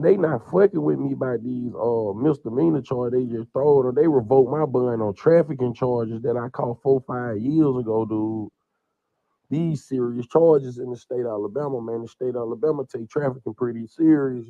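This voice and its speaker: A man's voice: medium pitch, normal speed, gravelly, dry recording, phone-quality sound. A man, crying and rambling in an emotional, profane livestream rant. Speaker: man under investigation speaking on a livestream.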